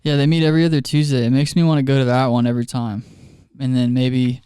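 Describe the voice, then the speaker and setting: A youth ministry leader chatting casually on a podcast, telling stories and laughing often mid-sentence. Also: male voice, mid-range voice, flat delivery, quick pace, dark tone, clear, resonant tone, dry recording, clean studio sound.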